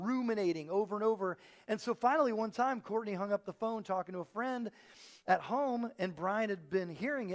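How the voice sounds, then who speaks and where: A man preaching a sermon as pastor, telling stories and acting out the people he quotes. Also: high-pitched. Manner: animated storytelling, acting out quoted voices. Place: church auditorium.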